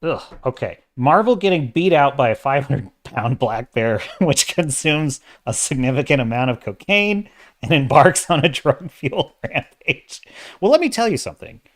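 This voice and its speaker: A man's voice: medium pitch, animated, normal speed. A man hosting a casual livestream of entertainment commentary, opinionated and exasperated, talking in bursts with restarts. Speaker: host of a sci-fi and fantasy commentary channel.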